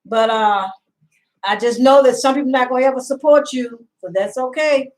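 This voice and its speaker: A middle-aged woman with a high but darkish voice, at normal speed, hosts a casual live stream from home. She rambles chattily, greets viewers by name, and laughs often; the audio is poor.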